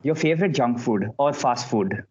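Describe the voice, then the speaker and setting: A man hosting a casual podcast, relaxed, asking quick questions and laughing often. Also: medium pitch, dull audio, slight background noise. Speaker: podcast host.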